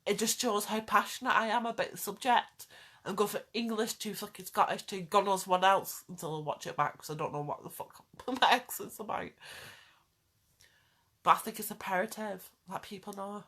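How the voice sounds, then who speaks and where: A woman with a medium-pitched, fairly bright voice speaks at a moderate pace. She's a vlogger ranting passionately straight to camera, pleading with her viewers and repeating lines to drive her point home.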